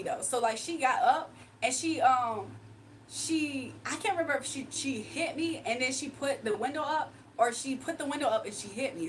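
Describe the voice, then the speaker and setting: A young woman livestreamer telling a story to her chat in an animated, chatty way with asides. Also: sits high, far from the mic, a little hiss or hum, poor audio. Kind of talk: casual storytelling to a live chat.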